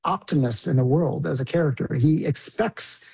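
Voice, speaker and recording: A man's voice: on the high side, normal speed, vocal fry, darkish tone, slightly rough, poor audio. A man, a film director, answering interview questions casually, with fillers like "like" and "you know". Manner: casual, with filler words and restarts.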